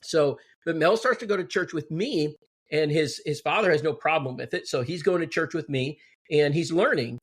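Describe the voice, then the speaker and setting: Man telling a church story, slightly high voice. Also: moderate pace, breathy edge. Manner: animated, quoting others in dialogue. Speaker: guest telling a testimony. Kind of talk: casual storytelling.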